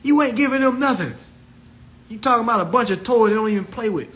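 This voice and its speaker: Loud, animated man ranting profanely about debt. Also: fast. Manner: animated, profane and preachy, mocks others in shrill voices. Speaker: host. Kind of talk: livestream talk.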